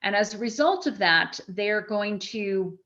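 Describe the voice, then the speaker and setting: Animated woman giving a history lecture. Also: mid-range voice, unhurried, highs cut off. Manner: conversational, animated, with restarts. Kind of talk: live history lecture to an audience.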